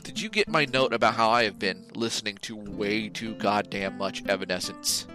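A man's voice: lowish voice, moderate pace, music in the background, low-quality recording. A man co-hosting a casual podcast, talking in a rambling, profane, jokey way. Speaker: podcast co-host. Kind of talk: casual chat, reading a joke ad.

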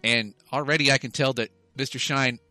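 A co-host with a dry, wry way of asking questions in casual banter. His voice is bright and crisp, with faint music underneath. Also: medium pitch, steady tone, a little fast, no echo. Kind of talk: casual comedic chat.

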